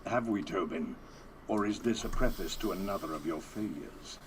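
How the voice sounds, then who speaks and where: A man voicing a cold, deep-voiced general. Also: slight background noise, close to an everyday voice. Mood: scornful. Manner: cold, scornful, measured. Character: stern scheming male general, commanding. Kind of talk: video game cutscene acting.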